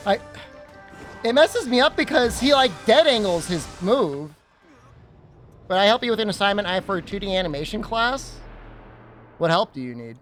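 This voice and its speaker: A man's voice: sits high, expressive, normal speed, long pauses, a bit bright, soft background music. A young adult man streaming a video game, chatting casually and joking back at his chat. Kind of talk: casual chat while gaming.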